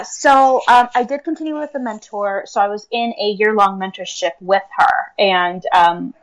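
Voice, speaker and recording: A woman's voice: mid-range voice, low-quality recording. Woman interview guest, mid-range voice, earnest and casual, lots of fillers. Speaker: guest, akashic records reader and teacher.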